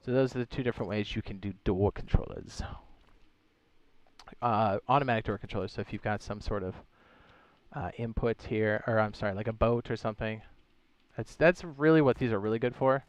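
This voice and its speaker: A man live-streams a game, chatting as he explains how things work step by step, reading viewers' questions aloud and tossing in playful asides and goofy sound effects. His voice sits on the low side, clear and resonant, a little fast, and the recording is dry.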